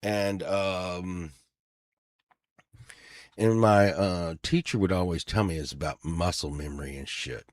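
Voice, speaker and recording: A man's voice: low-pitched, takes it slowly, pauses often, darkish tone, no room sound. A middle-aged man telling a rambling, profane personal story, full of fillers and restarts. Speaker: storyteller on a podcast. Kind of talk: casual storytelling.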